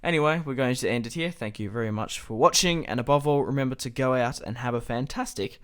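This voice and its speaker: A young gameplay commentator with a smooth, medium-pitched voice talks quickly through a strategy game. His chatter is easygoing, full of thinking aloud and light laughs.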